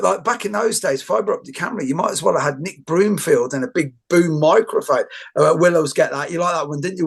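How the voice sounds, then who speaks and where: Man, interviewer, rambling and jokey, slightly high voice, gravelly. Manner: rambling storyteller, jokey asides. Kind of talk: casual chat.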